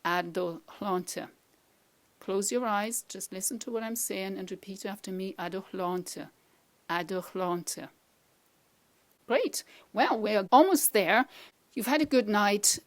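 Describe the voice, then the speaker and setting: A woman language teacher giving a pronunciation lesson to camera, saying phrases slowly for the learner to repeat and praising each try. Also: mid-range voice.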